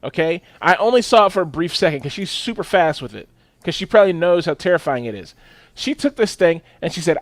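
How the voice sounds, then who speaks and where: A man with a notably high voice holds forth on a casual podcast, close to the mic in a dry, dead room. He tells his story with a lot of profanity and animated swings, and his voice leaps up when he acts out his own reactions. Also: fast, no echo. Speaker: podcast co-host.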